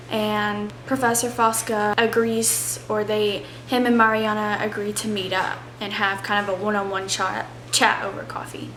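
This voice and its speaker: A woman chatting excitedly as she recaps a book for her vlog, with the odd breathy whispered aside, filmed at home on a tripod camera. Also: medium pitch. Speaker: book vlogger. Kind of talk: casual reading vlog chat. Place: home reading nook, indoors. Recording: roomy echo with faint background noise.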